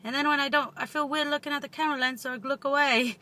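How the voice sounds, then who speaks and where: In this casual car vlog, a twenty-something woman talks fast in a high, sharp, steady voice, putting on a British accent as she rambles playfully and laughs at herself. The handheld camera is held close.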